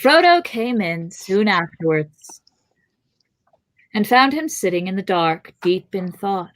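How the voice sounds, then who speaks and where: A woman co-hosting a podcast, reading a book aloud and chatting in between, dropping her voice low for the wizard's lines. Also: big pitch swings, a bit bright, no echo. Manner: reads the book aloud in a slow measured voice, lowering it for the wizard. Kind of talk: casual podcast read-aloud and chat.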